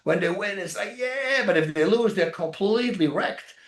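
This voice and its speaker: A man telling lively, rambling anecdotes as an interview guest, acting out other people's lines and laughing often. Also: sits high, normal speed. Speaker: actor and former fighter, interview guest. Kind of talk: casual interview storytelling. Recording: roomy echoey sound.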